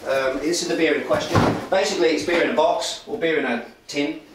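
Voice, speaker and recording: A man's voice: a little high, a little fast, heavy background noise. A man hosting a beer video from his home kitchen, chatting casually in a jokey, rambling way with lots of restarts. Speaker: beer vlog host. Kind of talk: casual presenting chat. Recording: echoey kitchen, distant mic.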